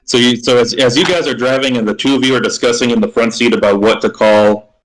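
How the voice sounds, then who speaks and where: A man narrating a tabletop role-playing game as game master, halting with frequent restarts. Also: mid-range voice, fairly even intonation, slight background noise, rough recording. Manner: halting, many restarts and fillers.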